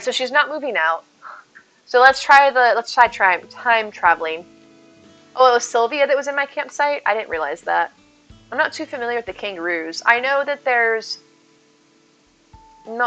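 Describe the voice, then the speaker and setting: Woman streamer, bright tone, easy casual chatter aimed at viewers. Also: medium pitch, rough recording. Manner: chatty, reads out and answers viewer messages. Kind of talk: casual live-stream chat. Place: at home with her cats.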